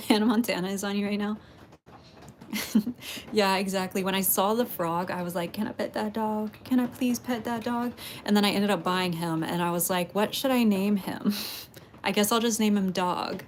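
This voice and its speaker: A woman's voice: mid-range voice, fairly even intonation, normal speed, slight background noise. A woman from Texas, hosting a casual pottery livestream, chatting with viewers, greeting them by name and laughing often.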